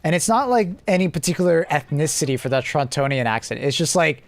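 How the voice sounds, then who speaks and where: A Canadian man with a fairly high-pitched voice chats loosely on a gaming live stream. He rambles along, padding his sentences with filler words. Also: expressive, quick pace, vocal fry, no room sound. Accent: Canadian English. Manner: rambling and chatty, full of filler likes. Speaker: gaming livestreamer. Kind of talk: casual live-stream chat while gaming.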